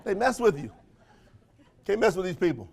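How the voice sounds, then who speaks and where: Man, high-pitched motivational trainer working a room, folksy, quizzes the crowd constantly. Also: normal speed, vocal fry, husky. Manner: energetic, call-and-response questions to the crowd; folksy, slangy phrasing with frequent laughs. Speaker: motivational trainer for a sales company. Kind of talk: motivational speech to a live audience.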